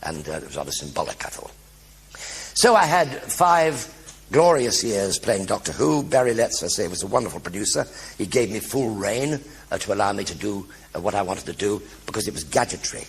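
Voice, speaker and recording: An older man with a British English accent telling comic anecdotes in a one-man stage show, a lively raconteur who mimics other people's voices and sound effects. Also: lowish voice, a little fast, breathy edge. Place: theatre stage.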